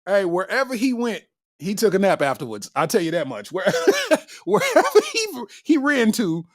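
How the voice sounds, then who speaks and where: A man's voice: high-pitched, wildly swooping pitch, moderate pace, no room sound, clean studio sound. A man hosting a comedy podcast, riffing casually in heavy slang and laughing constantly between lines. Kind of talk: casual comedic chat reacting to viewer comments.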